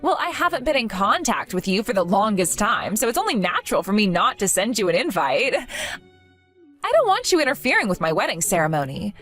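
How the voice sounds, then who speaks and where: A woman's voice: medium pitch, sing-song, a little fast, a bit bright, soft background music. A woman voicing a cruel, scheming young woman who talks down to a friend in a scripted drama, with a condescending, sneering manner.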